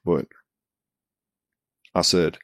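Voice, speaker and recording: A man doing a comedic impression of a raspy, boastful older male pro wrestler who rambles through a tall tale full of restarts. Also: drawn-out words, fairly bright tone, dry recording. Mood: rambling. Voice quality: raspy, gravelly.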